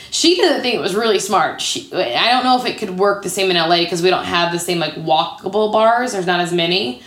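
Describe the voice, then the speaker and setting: A woman's voice: medium pitch, fairly bright tone. Chatty woman guest with a roomy echo. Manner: chatty, peppered with "like". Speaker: podcast guest, improv comedian. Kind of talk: casual storytelling interview.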